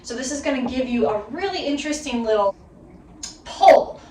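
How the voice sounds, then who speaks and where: This fiddle lesson comes from a woman in her thirties whose high, expressive voice moves at normal speed as she cheerfully encourages the student and counts them in before playing. It's an instructional video recorded from a distance with a roomy sound. The audio is very noisy, with her violin filling the gaps between phrases.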